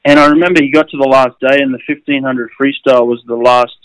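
A man's voice: mid-range voice, fairly even intonation, quick pace, fairly bright tone, clean tone, no room sound, low-quality recording. A middle-aged Australian man, a swimming coach, telling stories casually with many fillers and chuckles. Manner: rambling, with frequent fillers and chuckles. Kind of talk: casual storytelling.

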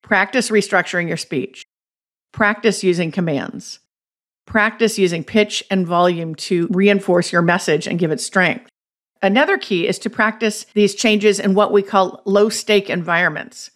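A woman's voice: mid-range voice, a bit bright. A woman hosting a podcast, giving a scripted, instructive narration. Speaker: podcast host.

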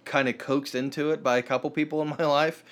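A man's voice: fairly high pitch, steady tone, brisk. Rambling, frustrated man. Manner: rambling storytelling with many fillers and restarts. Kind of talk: casual chat.

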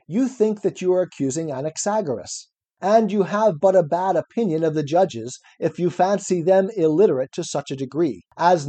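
A man's voice: high-pitched, dark tone. A man reading aloud as an elderly male philosopher defending himself at trial, ironic and probing. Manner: cross-examining, probing, ironic. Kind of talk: reading a classic dialogue aloud.

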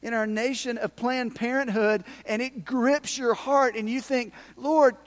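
In a fairly high male voice with fairly even intonation and a slightly slow pace, a pastor delivers a passionate sermon. He slips into little acted-out prayers and asides to his congregation.

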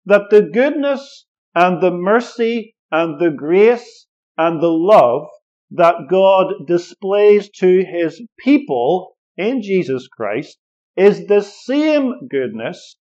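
A man preaching a sermon as pastor, measured and emphatic, leaning on repeated phrases. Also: high-pitched, sing-song, a little mellow. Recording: dull lo-fi recording.

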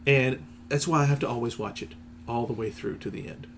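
A man co-hosting a podcast, chiming in with quick quips and agreement in a casual chat. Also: mid-range voice, fairly even intonation, a crowd in the background. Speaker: podcast co-host.

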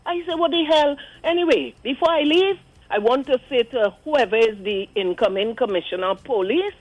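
A woman with a Trinidadian accent calling in to a radio show, animated and indignant, acting out the voices she quotes. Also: a little high, a little fast, dry recording, lo-fi sound. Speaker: caller. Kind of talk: call-in radio commentary. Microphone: phone line.

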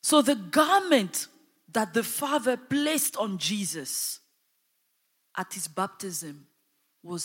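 A woman's voice: medium pitch, very animated, slow, breathy edge. A woman preaching a sermon with impassioned emphasis that swells and drops, calling out to her congregation. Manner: impassioned, rising and falling emphasis with call-and-response. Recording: hall with long reverb.

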